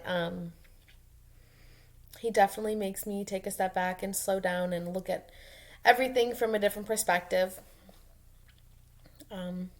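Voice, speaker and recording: A young woman, a mom, talking casually and emotionally in a personal vlog, rambling with many ums and soft laughs. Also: mid-range voice. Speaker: mom vlogger.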